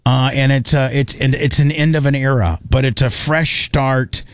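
A man's voice: mid-range voice, steady tone, normal speed, clear, resonant tone, dry recording. A man hosting a radio show in his studio, rambling and stammering through emotional casual banter. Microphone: studio microphone.

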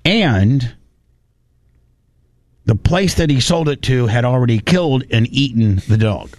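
Animated male host, dry sound. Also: mid-range voice, unhurried, no room sound. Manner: animated, retells stories with restarts. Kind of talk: casual chat reacting to videos.

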